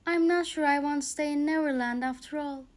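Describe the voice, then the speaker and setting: A woman voicing a gentle, slightly timid young girl in a children's storybook reading, light and quick. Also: high-pitched, steady tone, close to an everyday voice. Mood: worried.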